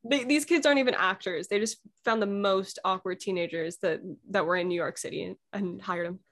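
A woman at a middle pitch chats as a guest on a podcast. She teases the hosts and giggles through her remarks. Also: brisk, fairly bright tone. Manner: teasing, giggly. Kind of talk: casual chat.

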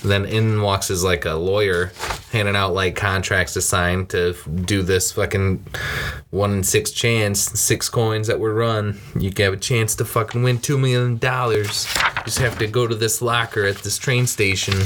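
A man's voice: lowish voice, steady tone, moderate pace, noisy background. A man casually recapping a comedy film with a friend, swearing freely and acting out lines in silly voices. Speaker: podcast co-host. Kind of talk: casual movie recap chat.

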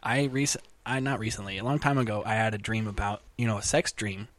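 A man's voice: fairly low pitch, fairly even intonation, brisk, fairly bright tone. A man in casual podcast chat, joking and laughing often, with stumbling restarts. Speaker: comedian.

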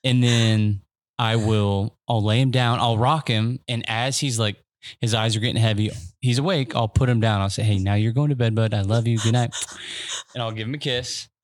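A man's voice: medium pitch, normal speed. A man in his thirties co-hosting a casual podcast, telling a parenting story with acted-out quotes and frequent laughter. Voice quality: animated storyteller, acts out quotes, laughs often. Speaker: podcast co-host. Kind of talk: casual chat.

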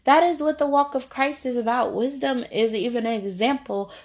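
A woman's voice: sits high, moderate pace. A woman hosting a podcast Bible study, teaching in a chatty, informal way and laughing easily. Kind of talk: casual devotional teaching.

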